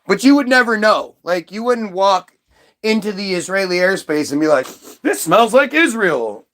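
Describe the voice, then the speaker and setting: A man's voice: high voice, moderate pace, a bit bright. A man hosting a livestream, rambling and swearing while reading things aloud from his screen. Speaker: livestream host.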